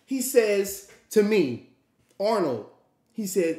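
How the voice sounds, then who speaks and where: Male streamer, brash rambling storyteller, curses a lot, higher-pitched voice, echoey room. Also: expressive, moderate pace, darkish tone. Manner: profane, rambling, acts out quotes. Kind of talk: animated storytime.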